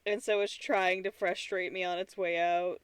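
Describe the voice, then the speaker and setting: A woman's voice: fairly low pitch, little pitch movement, moderate pace, clean tone, no echo. A tired woman streamer chatting casually and rambling, with frequent restarts and giggly asides. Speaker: streamer and artist. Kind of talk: casual live-stream chat.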